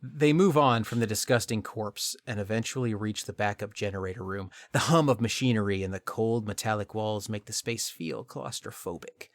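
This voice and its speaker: A man's voice: fairly low pitch, moderate pace, hardly any pauses, no room sound. A male podcast host retelling a video game's story, with dramatic storytelling and jokey asides.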